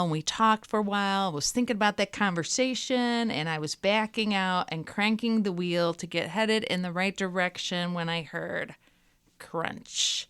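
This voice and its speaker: A woman hosting a podcast interview, asking questions gently and encouragingly and telling a story of her own. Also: mid-range voice, clear, resonant tone. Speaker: podcast host.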